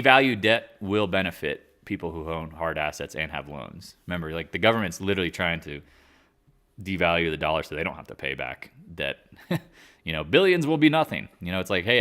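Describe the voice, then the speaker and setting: A man's voice: low voice, a bit bright. A man hosting a live market chat stream in a casual, rambling way, drifting off on tangents and slangy asides. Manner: loose, slangy. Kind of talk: casual livestream market commentary.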